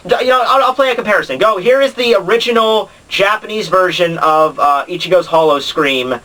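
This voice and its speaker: A young man with a bright, fairly high voice talks through anime dubs in a loose, rambling way, full of "uh" and restarts. He sits a little back from the mic, so the sound is a touch distant. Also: brisk. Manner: rambling, many fillers and restarts. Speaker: anime commentary vlogger. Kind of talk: casual explanatory commentary.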